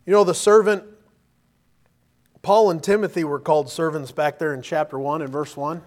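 A male preacher with a notably high voice delivers a lively sermon. He presses his listeners with rhetorical questions and reads verses aloud between his points. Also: normal speed.

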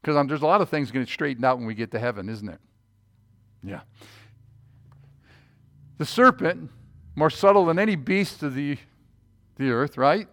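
Brief: male pastor, slightly raised pitch, folksy talk-to-the-pews sermon with loud stresses and hushed asides. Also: lively intonation, moderate pace, pauses often. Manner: folksy, asks the room rhetorical questions; swings between loud emphasis and quiet low asides. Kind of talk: conversational sermon.

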